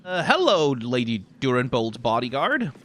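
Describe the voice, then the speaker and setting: A man hosting a let's play, giving casual gameplay commentary with animated, joking asides. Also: mid-range voice, normal speed, slight background noise.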